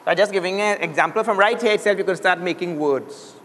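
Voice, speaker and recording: A man's voice: sits high, a little fast, fairly bright tone, slight background noise. A man from Trinidad and Tobago teaching a Sanskrit class, drilling sounds aloud for the students to repeat. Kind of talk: classroom lesson. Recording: long hall reverb.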